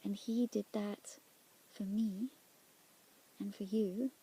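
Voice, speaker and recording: Soft, gravelly woman, half-whispered. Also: medium pitch, fairly even intonation. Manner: soft-spoken, drops often into near-whispers; halting and searching, with restarts. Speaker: Christian speaker sharing a prayer experience. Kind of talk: reflective personal testimony.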